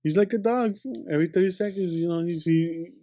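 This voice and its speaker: A man's voice: high-pitched, a little fast. A man on a casual podcast, teasing a friend with slang and acting out a story. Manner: teasing, slangy, ends lines with "fool"; animated storyteller, acts out what others said. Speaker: podcast co-host. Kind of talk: casual chat.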